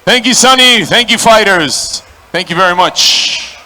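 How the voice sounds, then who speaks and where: A man's voice: a little slow, sharp tone. A man working as a ring announcer at a boxing stadium, calling out to the crowd and introducing the fighters. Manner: booming, crowd-working, calls out to the audience.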